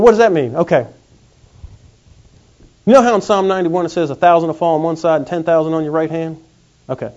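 Folksy high-voiced preacher. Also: male voice. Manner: folksy, animated, acts out quick comic voices. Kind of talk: sermon. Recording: dull lo-fi recording.

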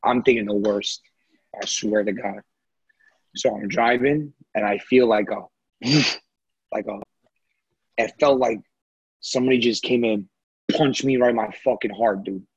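Low, husky man telling a blunt story. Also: steady tone, unhurried, long pauses, no room sound, dull audio. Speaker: podcast co-host. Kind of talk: casual storytelling chat.

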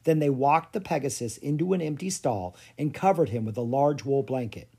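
An audiobook narrator giving an expressive storybook reading. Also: medium pitch, moderate pace, breathy edge.

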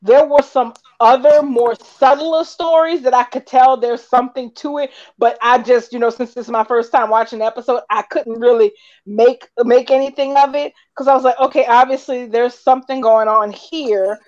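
Woman, high voice, casual soap talk, lively retelling, muffled lo-fi sound. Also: normal speed. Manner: animated recapping, acts out quoted lines. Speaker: soap opera podcast co-host. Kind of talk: casual chat. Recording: dull lo-fi audio.

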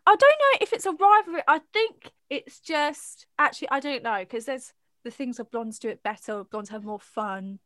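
A woman's voice: sits high, animated, normal speed, a bit bright, no room sound, studio quality. A woman co-hosting a podcast, chatting casually and giggling playfully. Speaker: podcast co-host. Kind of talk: casual chat.

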